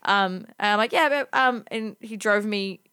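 A woman's voice: mid-range voice, a little slow, clean tone, no echo. Aussie woman, 30s, rambling funny story, lots of ums and likes, dry sound. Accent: Australian. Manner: animated, self-deprecating, lots of fillers. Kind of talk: casual storytelling chat.

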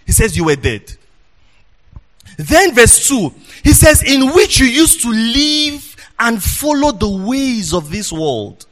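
High-voiced, animated preaching man. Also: slow. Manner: animated preaching with sing-song delivery; asks the congregation questions. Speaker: pastor. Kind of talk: sermon.

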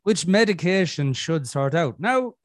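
An Irish man hosts a casual podcast chat, his slightly high voice animated yet measured, recorded dry with clean studio sound. He talks bluntly, swears and jokes a lot, and acts out his own inner voice.

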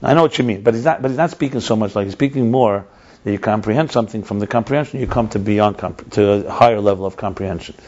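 A man's voice: lowish voice, quick pace, darkish tone. A man teaching a text class, reading passages aloud and explaining them step by step, often repeating himself. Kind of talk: text study lesson. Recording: dull lo-fi recording.

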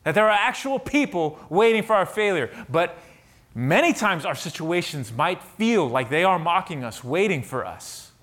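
Male pastor, slightly high voice, sermon delivery that swings from hushed to fervent. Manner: swings from hushed to fervent, reads scripture aloud.

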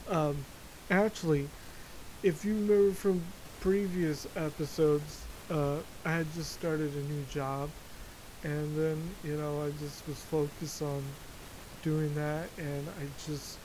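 Slow-talking, profane comedic podcast host. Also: medium pitch, a little mellow, a little hiss or hum, poor audio. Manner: profane, exaggerated, jokey asides. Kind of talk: comedic solo rant. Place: lives in Florida.

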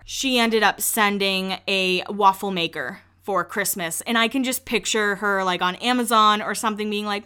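A woman's voice: mid-range voice, normal speed, few pauses, bright, forceful tone, clear, resonant tone. A young woman hosting a podcast, chatting candidly about celebrity news with frequent laughs and filler words. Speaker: podcast host. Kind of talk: casual celebrity-news chat.

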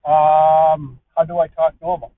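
A man hosting a casual podcast chat, talking loudly and playfully for the microphone. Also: fairly high pitch, flat delivery, a little slow. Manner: playful, talks loud on purpose for the mic. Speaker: podcast host. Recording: tinny phone-like audio.

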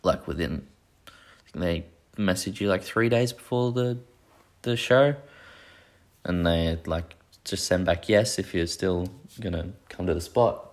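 A man's voice: sits low, measured pace. A young man hosting a podcast, rambling casually with plenty of swearing and self-deprecating asides. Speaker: podcast host. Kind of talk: casual solo chat.

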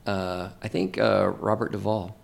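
A man's voice: on the low side, flat delivery, measured pace, gravelly. A man co-hosting a podcast, talking in a rambling, casual way. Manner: rambling, meandering. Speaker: podcast co-host. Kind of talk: casual chat.

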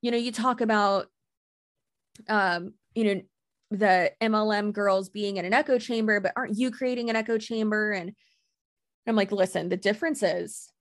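A woman's voice: mid-range voice, fairly even intonation, moderate pace, no room sound, clean studio sound. A woman talking casually and bluntly as a podcast guest, assertive, swearing freely and laughing often. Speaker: guest content creator.

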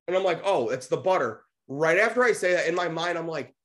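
A young man co-hosting a podcast, telling a story in a casual, animated way, swearing freely and acting out the voices of the people he quotes. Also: fairly high pitch, quick pace, few pauses. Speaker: podcast co-host.

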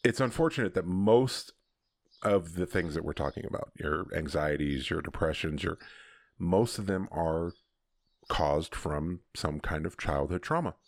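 A man's voice: low-pitched, measured pace. A man hosting a podcast, telling a candid personal story in a casual conversation, often laughing as he talks. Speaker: podcast host.

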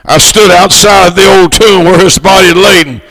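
A high, bright-voiced man preaching a fervent sermon, his tone shot through with gravel. He builds to shouts and stretches out the words he wants to land. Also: steady tone, measured pace, rough recording. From United States. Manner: fervent, swells to shouts, draws out key words. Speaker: missionary preacher.

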